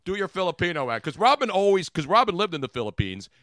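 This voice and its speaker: A middle-aged man hosting a radio show, riffing in casual comedic banter with an animated, rambling delivery. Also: high voice, quick pace, no echo, studio quality. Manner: animated, joking, rambling riffs.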